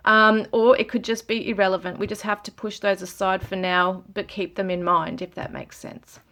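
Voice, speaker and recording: A woman talking to her viewers while giving a tarot reading, earnest and emotional, with frequent pauses, sighs and ums. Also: mid-range voice, level tone, a bit bright. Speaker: tarot reader. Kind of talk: casual spiritual reading to camera.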